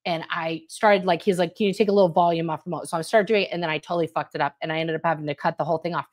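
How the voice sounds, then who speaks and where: Low-voiced reflective woman chatting. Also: fairly even intonation, racing. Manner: reflective, rambling, many fillers like "you know what I mean". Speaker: co-host. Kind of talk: casual livestream chat.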